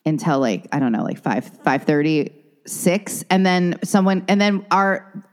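A woman's voice: on the low side, lively intonation, a little slow, darkish tone. A woman co-hosting a podcast, chatting casually and rambling, laughing often. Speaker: podcast co-host. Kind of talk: casual chat.

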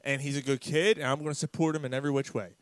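A man hosting a casual podcast, telling a road-rage story with lots of swearing and loud acted-out quotes. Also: mid-range voice, rapid-fire, no echo. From Philadelphia area. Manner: profane, animated storyteller, shouts out quoted lines. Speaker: podcast host.

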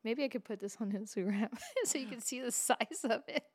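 Laughing, animated woman telling stories. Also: fairly high pitch, normal speed, breathy edge. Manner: laughs often, animated storytelling. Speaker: podcast co-host. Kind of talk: casual chat.

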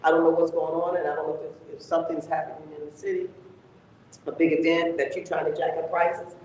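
A woman tells stories in lively casual chat, voicing every side of an argument. She sounds distant from the mic, in a very echoey room with a long reverb tail and faint background noise. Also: low voice, fast. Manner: animated, retells arguments with quoted dialogue. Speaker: co-host.

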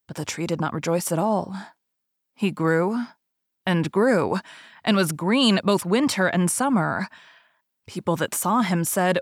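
A woman narrating a fairy tale aloud with careful, expressive reading. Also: on the low side, a little slow, dry recording, clean studio sound. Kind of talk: storybook reading.

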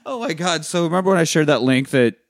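Swearing freely and acting out scenes in quick voices, a male podcast co-host recaps a movie in relaxed conversation. His voice sits on the high side and is expressive, captured in studio quality with no echo.

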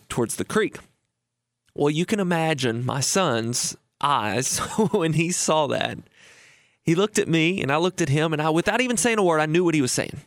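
A man's voice: fairly high pitch, no echo. A man in his thirties hosting a radio show on retirement, telling a story in a folksy, chatty way with fillers and restarts. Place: radio studio.

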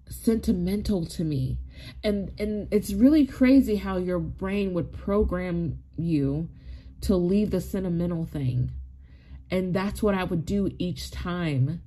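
Tearful woman in her forties telling a story. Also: fairly low pitch. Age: 40s. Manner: animated, rambling, with many likes and you knows. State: tearful, on the verge of crying. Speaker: spiritual wellness vlogger. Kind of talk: emotional personal storytelling.

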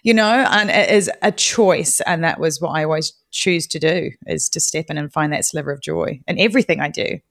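Lively woman telling stories. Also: low-pitched, vocal fry. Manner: lively storyteller, quick laughs, acts out her own past reactions. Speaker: podcast co-host and guest. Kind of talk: casual podcast chat.

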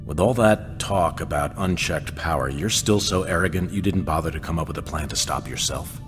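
An actor playing an earnest, powerful superhero who speaks steadily and directly. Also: male voice, rumbling low, normal speed, soft background music. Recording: animation soundtrack with loud score.

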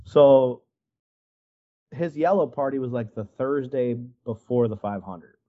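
A man's voice: mid-range voice, measured pace, phone-quality sound. A man from Wisconsin telling a casual story on a video call, rambling with lots of likes and you-knows and acting out quotes. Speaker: guest artist.

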